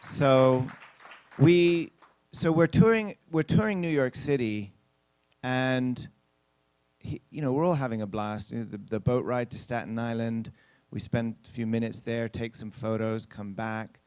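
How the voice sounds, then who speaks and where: A man's voice: mid-range voice, measured pace, darkish tone, clean tone, no echo. A male pastor telling a story in a sermon, chatting with the congregation and acting out what people said. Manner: chatty anecdotal telling with acted-out quotes; addresses the congregation directly.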